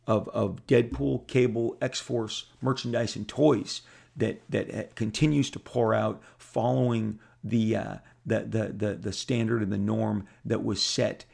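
A man's voice: fairly low pitch, fairly even intonation, measured pace, creaky, a little mellow, breathy edge. A man in his fifties telling casual stories in a rambling way, with many repeated words and restarts. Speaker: comic artist telling stories. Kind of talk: casual storytelling monologue.

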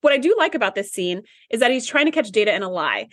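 A woman's voice: on the high side, sing-song, fast, fairly bright tone, no echo, studio quality. A woman co-hosting a podcast in casual chat, chatty and quoting the characters in playful voices. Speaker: podcast co-host.

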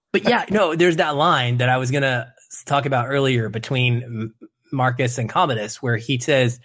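A man's voice: medium pitch, normal speed, fairly bright tone. A man who is a father, talking casually and animatedly about a film, rambling and correcting himself mid-sentence. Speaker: podcast co-host.

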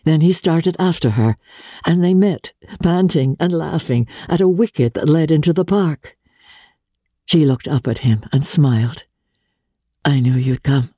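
A woman giving a measured, expressive dramatic reading of a classic novel on a close studio mic. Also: low voice, slightly rough, no echo. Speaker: reader.

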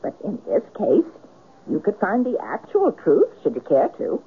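A probing, insistent woman who sounds very husky and swings widely up and down in pitch. She comes through a narrow, phone-like old radio broadcast. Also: huge pitch swings, normal speed, full character voice. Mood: curious. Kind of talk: 1970s radio drama acting.

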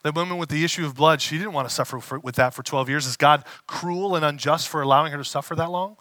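A man preaching a conversational sermon as a pastor, casual and animated, acting out the voices he quotes. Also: on the high side, quick pace, no room sound.

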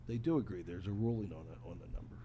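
A man's voice: sits low, racing, dark tone, a little hiss or hum. A man hosting a casual baseball talk, telling stories with emphasis. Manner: storytelling, emphatic. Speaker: host. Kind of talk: casual sports chat.

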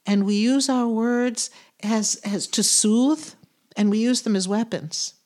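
A middle-aged woman with a slightly high voice hosts a spiritual podcast. She speaks earnestly and soothingly, laughing lightly and trailing off as she searches for words. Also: slow, darkish tone. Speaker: podcast host and medium.

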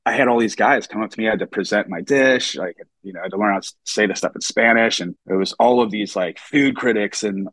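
Casual low-voiced male chef telling stories. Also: quick pace, few pauses, fairly bright tone, no echo. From United States. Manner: casual, full of fillers, acts out quoted voices. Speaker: chef, podcast guest. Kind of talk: casual storytelling interview.

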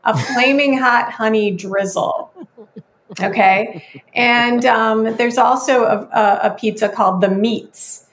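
A female co-host in casual chat, reading off menu items and pausing on ums. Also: a little high. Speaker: food news co-host.

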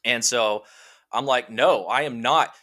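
Man, bright voice, casual storytelling, rambling with lots of fillers. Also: mid-range voice, measured pace. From Washington state. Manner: rambling, animated anecdote with many fillers. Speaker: guest.

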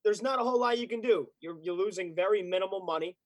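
A man's voice: high voice, fast, no echo. A man co-hosting a sports podcast, talking in an upbeat, chatty way with frequent restarts. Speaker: podcast co-host. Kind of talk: casual sports podcast chat.

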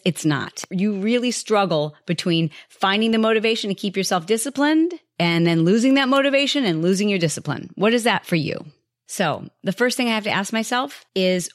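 A woman's voice: fairly low pitch, no echo. Chatty woman podcast host, dry sound. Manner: chatty and candid, acts out her own past thoughts in quotes. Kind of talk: casual motivational monologue.

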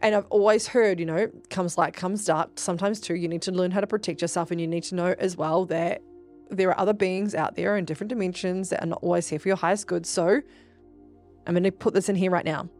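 A woman hosting a podcast, telling spiritual stories in a casual, animated way, swearing freely and speaking straight to her listeners. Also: lowish voice, fast, faint music behind. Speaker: podcast host.

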